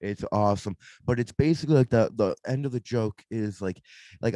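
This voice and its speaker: Blunt low-voiced man. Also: a little fast, mellow, no echo, rough recording. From Massachusetts, near Boston. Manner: blunt, swears freely, says "bro" and "dude". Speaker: podcast co-host. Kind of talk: casual profane chat.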